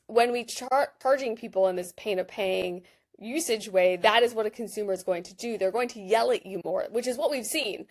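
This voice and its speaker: A woman in her thirties giving a chatty, animated product walkthrough while she clicks through an app, with lots of "like" fillers. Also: mid-range voice. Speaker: behavioral design researcher. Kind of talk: screen-share product walkthrough.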